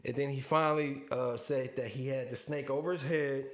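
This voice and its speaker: A young man co-hosting a podcast, telling a story in casual chat, animated, swearing, laughing often and acting out the people he quotes. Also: medium pitch, a little fast. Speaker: podcast co-host.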